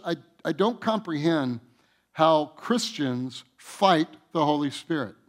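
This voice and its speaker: A male pastor delivering a sermon in church, preaching with passion, building to loud emphatic runs and repeating phrases. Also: a little high.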